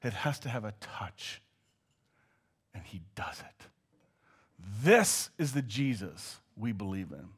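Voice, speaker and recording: Lively Canadian man preaching. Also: lowish voice, slow, pauses often, husky. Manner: animated and joking, dropping to hushed tones. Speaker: pastor. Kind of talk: sermon.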